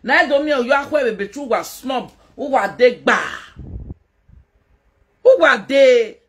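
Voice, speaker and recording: A woman's voice: high voice, expressive, measured pace, husky. A Nigerian woman doing a casual live-stream gossip rant as a social media commentator, mocking, laughing and scolding.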